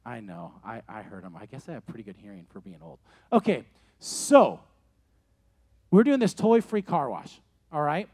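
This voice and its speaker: A man in his late forties preaching to young people, telling stories in an animated way and repeating key phrases. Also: mid-range voice, moderate pace. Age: 40s. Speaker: youth pastor. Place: room with a live audience.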